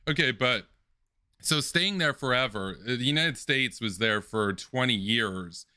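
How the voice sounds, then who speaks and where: A man hosting an online political debate, speaking in a measured way with many filler ums and uhs. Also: medium pitch, animated, sharp tone, no echo, clean studio sound. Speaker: debate host.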